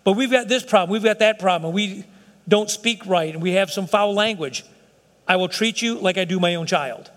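A man's voice: high-pitched, normal speed. A middle-aged man preaching a sermon to his congregation, emphatic and conversational, often acting out quotes in other voices. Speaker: pastor. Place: church sanctuary. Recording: long reverb of a hall.

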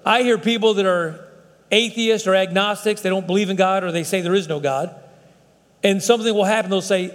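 Man, pastor, conversational sermon, high-pitched, stumbling restarts, long echo. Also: fairly quick. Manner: folksy, repetitive restarts, conversational preaching.

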